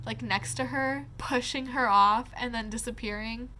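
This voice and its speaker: A young woman with a high, bright voice chats through a casual book review, gushing and heavy on the word "like". She swears freely and sounds close to tears as she talks. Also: steady tone, normal speed, a little hiss or hum. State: tearing up.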